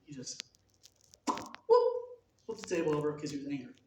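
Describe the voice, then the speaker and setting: A slightly high, darkish voice with a steady tone rattles along very fast as a man preaches conversationally, posing questions to his listeners. Slight background noise is audible, and the distant mic sits in a very echoey hall.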